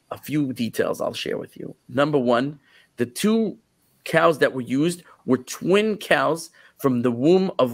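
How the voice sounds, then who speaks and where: A man who is a rabbi, retelling a biblical story in an animated sermon, often repeating words as he goes. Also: a little high, no echo.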